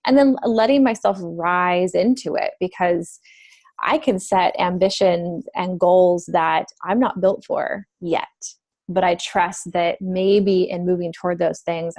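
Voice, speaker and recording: Low, gravelly-voiced woman podcast host. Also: fairly even intonation, measured pace, a little mellow, no room sound. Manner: thoughtful, long flowing sentences, drops to near whisper at times. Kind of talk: reflective conversational interview.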